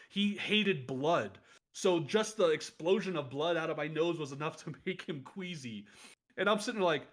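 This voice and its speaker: A man's voice: on the high side, animated, moderate pace, fairly bright tone. A man in his late thirties, a former wrestler co-hosting a podcast, tells stories in a rambling way and keeps laughing through them. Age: late 30s. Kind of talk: casual storytelling chat.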